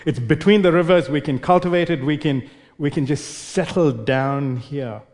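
A man voicing eager ancient men rallying each other to build, with excited, emphatic calls. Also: fairly high pitch, moderate pace, close to an everyday voice.

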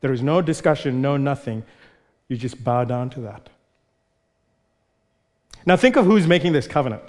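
A man's voice: mid-range voice, animated, normal speed, long pauses, a little mellow. A man preaching a sermon, emphatic, repeating words for stress as he leads a congregation through a passage. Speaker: pastor. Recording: long reverb of a large hall.

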